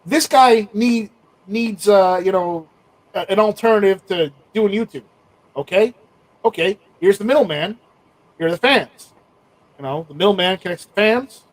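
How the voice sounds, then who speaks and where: A man's voice: sits high, moderate pace, low-quality recording. A man with a General American accent hosting a casual chat, rambling with repeated words and fillers. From southern United States. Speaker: host.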